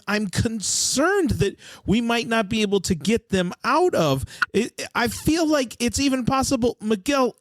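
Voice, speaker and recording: An earnest talk-show doctor who keeps cutting in insistently, as a performer plays the part. The voice is mid-pitched and recorded close and dry. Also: no room sound, close to an everyday voice. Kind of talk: improvised comedy sketch.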